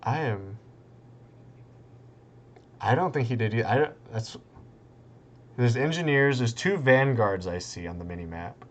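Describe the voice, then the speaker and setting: A young man casting a strategy game tournament in a loose, rambling way, breaking into excited outbursts and laughter. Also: mid-range voice, measured pace, pauses often. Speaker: tournament caster. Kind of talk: casual game commentary.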